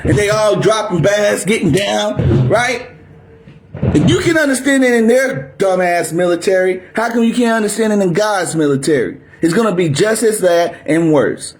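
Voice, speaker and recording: A male preacher delivering a fiery sermon at the top of his voice. His delivery is aggressive and confrontational, like a drill sergeant barking orders at recruits. The voice sits a little higher than usual for a man. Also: animated, moderate pace, faint music behind. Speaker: preacher teaching scripture.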